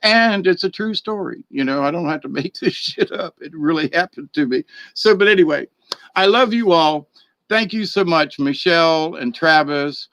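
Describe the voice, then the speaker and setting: Man vlogger, rambling chuckling storyteller, higher voice, dry close sound. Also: moderate pace, a bit bright, dry recording. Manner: rambling, chuckling, repeats words. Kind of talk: casual storytelling.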